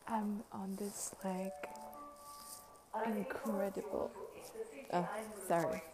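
A young woman from Ukraine, vlogging outdoors at a snowy train station in a halting, reflective way with many fillers. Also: medium pitch, steady tone, over loud music, poor audio. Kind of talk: casual personal vlog.

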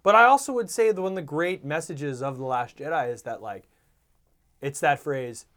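A man co-hosting a casual chat, talking in an animated, joking way and acting out voices in his stories. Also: a little high, moderate pace. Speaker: podcast co-host.

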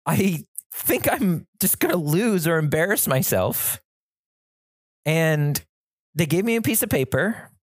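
Host with a chaotic, fast-shifting storytelling style and self-mocking humor, recorded in a dry room. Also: medium pitch, no echo. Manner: frantic, chaotic, animated telling. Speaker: podcast host. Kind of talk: storytelling monologue.

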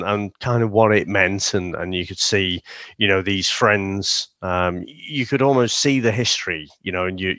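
Low-voiced man reviewing movies. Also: fairly bright tone, no echo. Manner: rambling, frequent fillers and restarts. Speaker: podcast co-host. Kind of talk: casual movie review chat.

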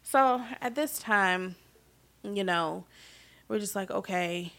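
A woman in her thirties tells a personal story in a loose, chatty way. Her voice sits in the middle of the range for a woman. She turns animated and loud when she relives the hard parts. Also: medium pitch, takes it slowly. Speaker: vlogger telling a family story. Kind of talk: casual storytelling.

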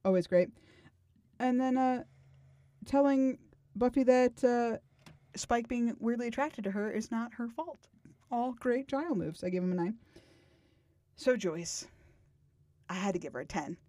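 A young woman co-hosting a podcast in casual chat, playful and quick to laugh. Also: a little high, warm tone, no echo. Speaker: podcast co-host.

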